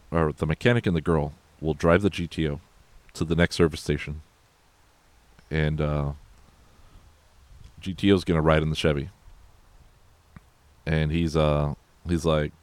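Man, extremely low voice, profane casual movie recap host, dry close mic. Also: no room sound. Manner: rambling, profane, loose and conversational. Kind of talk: casual film recap chat.

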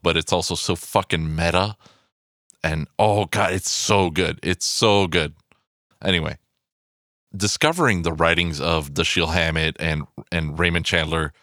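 A man with a very low, deep voice hosting a podcast solo. He rambles excitedly from aside to aside and swears freely. The sound is dry and close, with no room echo. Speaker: podcast host. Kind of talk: casual podcast monologue. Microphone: podcast microphone.

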